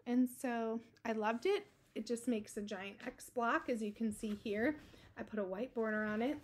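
A woman in her thirties talks casually to camera as a quilting vlogger. Her voice sits a little high, and she keeps things light and self-deprecating, breaking into laughter often. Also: a little mellow.

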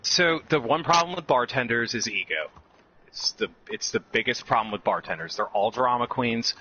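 A man's voice: medium pitch, moderate pace, husky. A man casually telling a story, laughing often and acting out other people's lines. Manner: animated, laughs often, acts out customers' lines. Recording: slightly dull lo-fi audio with faint background noise.

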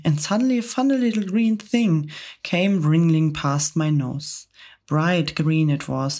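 A woman voicing a boastful, teasing male centipede in a soft ASMR book reading. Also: sits low.

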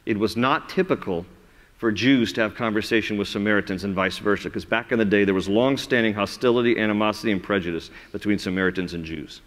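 A man preaching a sermon as pastor, telling the story in an animated way and acting out the voices. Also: on the low side, quick pace. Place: large church sanctuary. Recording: reverberant church sanctuary.

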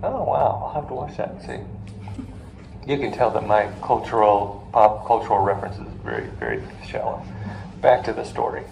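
A man's voice: lowish voice, sing-song, moderate pace, creaky, darkish tone. A man lecturing to a live classroom, telling stories and putting questions to the students with jokey asides. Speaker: finance lecturer. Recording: roomy classroom with faint noise.

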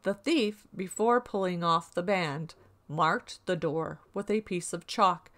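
A woman narrating a classic folk tale in a calm, even storybook reading. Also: fairly low pitch, slow pace.

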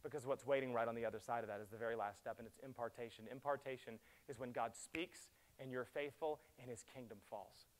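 A middle-aged man, a pastor, preaching a sermon that swings from loud urgent pleading to hushed, quiet passages. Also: mid-range voice, fairly even intonation, brisk, few pauses.

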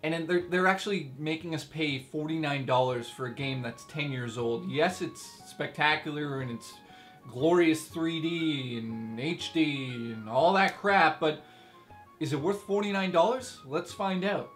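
A man hosting a casual video game review, talking in an excitable, joking way with exaggerated asides. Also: a little high, unhurried, soft background music.

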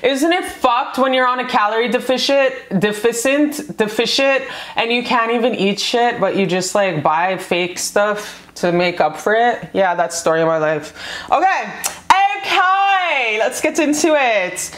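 A woman's voice: medium pitch, moderate pace. A woman reading tarot cards for her viewers in a casual vlog, gushing and swearing freely as she talks. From North America. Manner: bubbly, profane, gushing. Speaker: tarot reader. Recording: echoey room.

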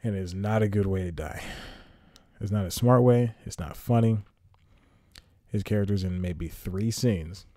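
A man rambles through a solo podcast review, exasperated, sighing and drifting off on tangents. His voice sits a bit low and sounds mellow. The recording is dry and close. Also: measured pace, no echo. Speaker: podcast host.

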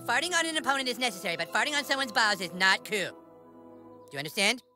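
A man's voice: extremely high pitch, sing-song, fast talker, exaggerated voice. An actor playing a crude, bossy young boy acting as a mock-solemn fantasy mentor in a video game. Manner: mock-solemn, foul-mouthed. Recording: game audio with loud music.

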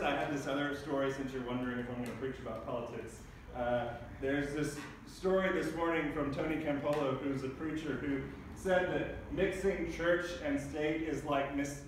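A man preaching a sermon as pastor, telling funny everyday stories in a lively way. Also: a little high, background noise. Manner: humorous storytelling preacher. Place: large church sanctuary. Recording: echoey church recorded from a distance.

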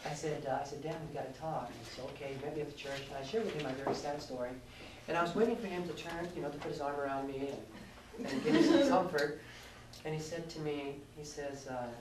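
A man's voice: a little high, quick pace. A man, a pastor, preaching a sermon in a candid, self-mocking storytelling manner, with asides to the congregation. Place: large hall at a youth conference. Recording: echoey hall with distant mic and noise.

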